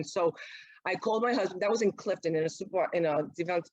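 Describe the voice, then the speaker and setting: A middle-aged mother of an autistic son, appearing as a guest, recounts her story in a casual interview, acting out what other people said in an animated way. Her voice is lowish and brisk, recorded without echo but with the high frequencies cut off.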